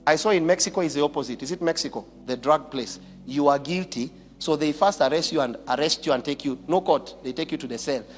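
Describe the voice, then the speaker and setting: A man's voice: fairly high pitch, fast talker, hardly any pauses, big-room sound. A man with a Kenyan accent, giving impassioned commentary in a preachy manner, firing rhetorical questions and slipping into Swahili phrases.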